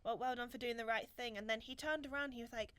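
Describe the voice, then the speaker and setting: A young woman, co-hosting a casual podcast chat and telling stories in an animated, giggly way. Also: on the high side, fast talker, crowd noise. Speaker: podcast co-host.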